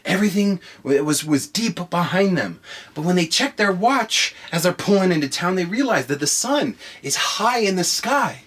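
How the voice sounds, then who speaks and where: A man hosting a podcast, telling a story comedically with heavy swearing, jumping between hushed lines and shouting. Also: high-pitched, moderate pace, husky. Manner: profane, excitable, swings between hushed and shouting. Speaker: podcast host.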